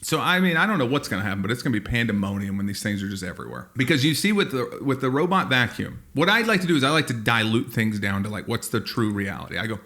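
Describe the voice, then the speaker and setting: A man's voice: mid-range voice, animated, fast talker, few pauses, fairly bright tone. A man co-hosting a comedy podcast, joking in casual chat and slipping into mock voices. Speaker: podcast co-host.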